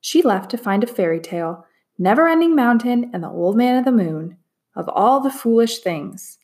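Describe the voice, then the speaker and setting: Storybook mother, weary yet fierce, sharp and clipped, read by a woman. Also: a little high, animated, normal speed, pitched above the performer's own voice, natural voice. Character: fierce, bitter mother searching for her daughter.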